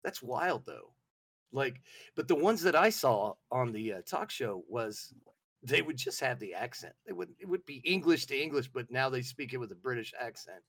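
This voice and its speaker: Southern male co-host, animated comic storyteller, dry sound. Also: mid-range voice, normal speed, dry recording. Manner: animated, jokey, acts out voices. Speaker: podcast co-host. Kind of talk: casual comedic chat.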